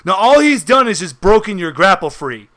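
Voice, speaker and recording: A man's voice: high-pitched, big pitch swings, normal speed, a bit bright. A man narrating a tabletop horror game as game master, with dramatic descriptions and frequent laughter.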